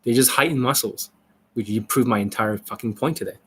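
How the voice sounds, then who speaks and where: A man's voice: mid-range voice, a little fast, slightly rough. A man coaching on a live stream, answering viewers in a blunt, profane, rambling way. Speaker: dating coach.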